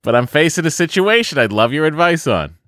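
A man's voice: on the high side, very animated, brisk, a bit bright, no room sound, clean studio sound, voice pushed up. A man putting on a Boston accent to voice a chatty new mother in her thirties, reading her letter aloud for comic effect. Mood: earnest. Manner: exaggerated accent, breathless listener-letter reading.

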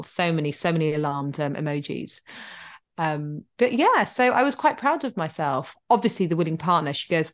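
Animated woman telling a story. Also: sits low, moderate pace. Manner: animated storyteller, acts out quotes. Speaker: podcast co-host. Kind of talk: casual chat.

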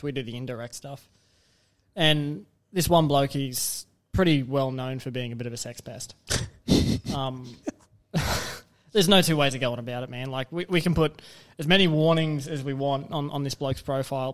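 Casual panelist: man, medium pitch, stop-start delivery, volume rising and dropping. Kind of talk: casual chat.

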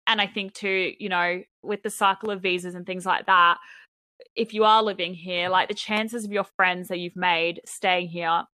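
A woman's voice: on the low side, steady tone, normal speed, bright, forceful tone, no echo. An Australian woman co-hosting a podcast, chatting casually and quoting people in a mocking tone. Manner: chatty, quotes others in a mocking voice. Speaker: podcast co-host. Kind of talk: casual chat.

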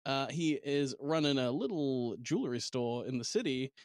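Playful, lively New man. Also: medium pitch, moderate pace, no echo, clean studio sound. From New Zealand. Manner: playful, laughing, teasing. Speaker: podcast co-host and game master. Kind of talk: casual chat.

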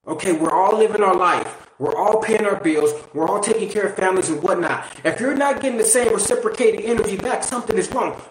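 A high-voiced man delivers a blunt motivational monologue, swearing casually and pressing the listener with direct questions. His voice bounces around a roomy, echoey space. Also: slight background noise. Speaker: motivational speaker. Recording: roomy echo.

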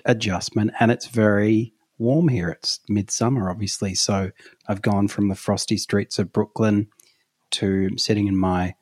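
Lower-voiced Australian man, dry home mic. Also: a little slow, no room sound. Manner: laughs often, relaxed storytelling. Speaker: podcast co-host. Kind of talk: casual comedic chat. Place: home office.

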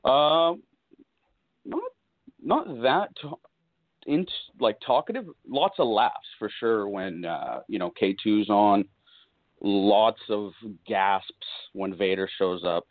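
Man, low-pitched, hesitant and thoughtful, clears throat, thin phone-like audio. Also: slow pace, no room sound. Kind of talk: casual chat over a call. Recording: tinny call audio, dry.

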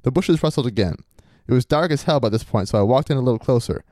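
A man's voice: mid-range voice, expressive, fast, mellow, no room sound, clean studio sound. A man hosting a podcast, reading a listener's story aloud in a swaggering, crude bro persona. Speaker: podcast host.

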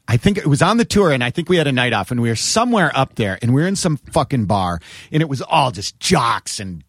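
A man telling casual stories as a podcast guest, animated and swearing often, acting out the voices in them. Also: medium pitch, dry recording, studio quality. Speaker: podcast guest, band member. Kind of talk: casual storytelling.

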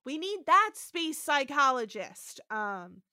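A woman's voice: high-pitched, slow, no room sound, studio quality. A young woman co-hosting a podcast, recapping a show in casual chat, acting out the characters' lines and laughing often. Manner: animated, acts out quotes, laughs often. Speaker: podcast co-host.

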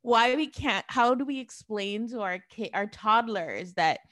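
A woman's voice: a little high, lively intonation, a little slow, fairly bright tone, no echo. Woman, thirties, casual podcast chat, dry close recording. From Ontario, Canada. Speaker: podcast co-host.

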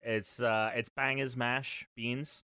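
A man's voice: mid-range voice, flat delivery, slow, sharp tone, clean tone, no echo, clean studio sound. A man co-hosting a casual drinking-game chat, playful and rambling.

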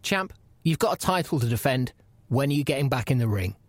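A man's voice: mid-range voice, animated, fairly quick, no room sound, lightly acted. An actor playing an earnest, pushy male podcast interviewer who nags and pleads in a comedy audio drama. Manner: pleading and nagging, rising to frantic shouts. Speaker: podcast host character.

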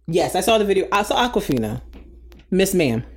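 A woman co-hosting a casual chat show, sassy and animated, rattling off opinions with mocking quoted asides. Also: on the low side, brisk. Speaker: podcast co-host.

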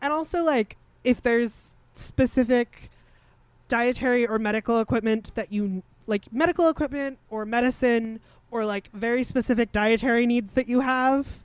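A woman's voice: on the high side, clear, resonant tone, dry recording. Dry-sounding young woman podcaster. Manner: quick, offhand, with laughs. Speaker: podcast co-host. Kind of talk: casual chat.

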